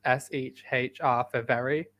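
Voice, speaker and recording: A man's voice: medium pitch, fairly even intonation, measured pace, a bit bright. A man from the United Kingdom co-hosting a podcast, chatting casually with dry, sarcastic asides. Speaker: podcast co-host. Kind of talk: casual chat.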